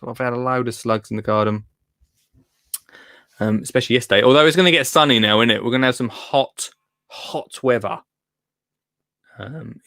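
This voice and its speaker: A man's voice: mid-range voice, fairly bright tone, no echo, clean studio sound. A young man with an Essex accent hosting a gardening phone-in live stream, chatty and self-deprecating, rambling with lots of fillers. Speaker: gardening livestream host. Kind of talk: casual live-stream chat. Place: home in Essex, reading comments live.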